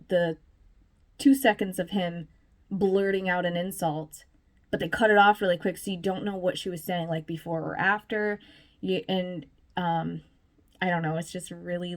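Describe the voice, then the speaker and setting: A woman vlogger giving casual, chatty commentary, full of fillers and little laughs. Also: lowish voice.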